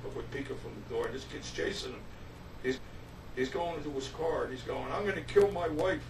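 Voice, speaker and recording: A man, a musician, telling a casual anecdote in an animated way, stumbling and repeating himself. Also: medium pitch, brisk. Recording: roomy, distant, faint hiss.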